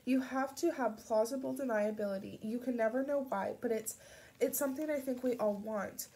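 A woman voicing a shaken teenage girl whose voice is gravelly and raw, speaking haltingly and urgently. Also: on the high side, warm tone, close to an everyday voice.

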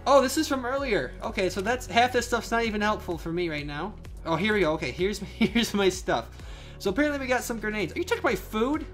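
A young man giving excitable live commentary on a survival game he is playing, with frequent outbursts and laughs. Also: sits high, a little fast. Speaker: gaming channel host. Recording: faint game music behind.

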